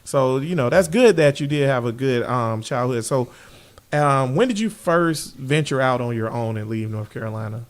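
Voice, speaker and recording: A man's voice: mid-range voice, expressive, moderate pace. A man hosting a podcast, laid-back and joking, with lots of slang and filler words. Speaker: podcast host. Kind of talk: casual interview.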